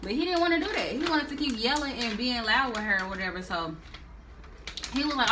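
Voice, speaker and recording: A young woman telling a story in a storytime vlog, animated and slangy, with drawn-out phrasing. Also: high voice, a little hiss or hum. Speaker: vlogger.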